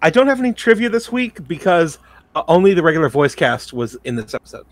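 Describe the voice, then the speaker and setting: A man co-hosting a casual podcast, talking over a cartoon episode in a fairly high voice with a lively, bouncing pitch. He is relaxed and hesitant, hunting for words with plenty of "uh"s. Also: fast talker, dry recording. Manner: relaxed, hesitant, many filler sounds. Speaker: podcast co-host.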